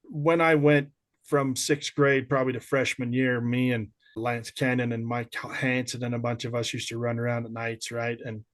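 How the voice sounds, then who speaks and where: A man's voice: medium pitch, moderate pace. A man in his fifties, a podcast guest, telling school-days stories in casual chat and laughing as he goes. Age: 50s. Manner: animated, laughing anecdotes.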